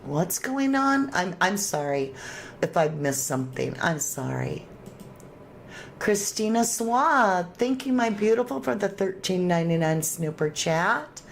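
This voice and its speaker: A woman's voice: fairly low pitch, very animated, unhurried, gravelly, slight background noise. A woman hosting a true crime livestream, reading viewer comments aloud and chatting casually, thanking viewers with endearments.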